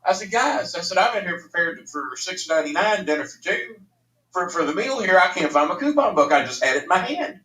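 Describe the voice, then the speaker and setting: A man's voice: high-pitched, animated, a little fast, distant mic. Ranting, profane man telling a story. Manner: loud, ranting, profane, laughs often. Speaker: storyteller guest. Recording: roomy, from off mic.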